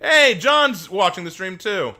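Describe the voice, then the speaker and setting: A male streamer talks in a bright, ringing voice that swings up and down as he chats with his viewers live. He jokes around, laughs a lot and stumbles over words as he restarts them. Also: sits high, very animated, a little slow. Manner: chatty, joking, laughs often, restarts words. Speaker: streamer reacting live and reading chat. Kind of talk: casual live-stream chat.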